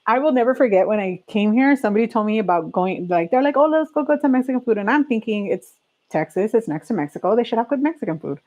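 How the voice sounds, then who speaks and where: A woman's voice: medium pitch, lively intonation, fast talker, a little mellow. A woman hosting a casual chat stream. She reads aloud, reacts with strong opinions, laughs often and talks straight to her viewers. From California. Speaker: livestream host.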